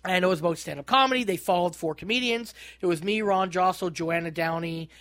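A man who is a stand-up comedian, telling stories in a casual podcast chat in a profane, animated way. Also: sits high, fairly quick.

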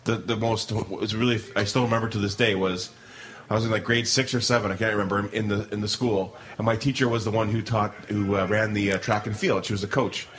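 A man's voice: fairly low pitch, steady tone, a little fast, fairly bright tone. A middle-aged man co-hosting a podcast, telling a rambling story with lots of restarts and laughter in casual chat. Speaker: podcast co-host.

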